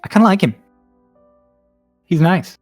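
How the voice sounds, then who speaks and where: A man's voice: high voice, expressive, unhurried, darkish tone, dry recording, faint music behind, pitched above the performer's own voice. A man doing a blunt Cockney woman. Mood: offhand. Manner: clipped, offhand slang.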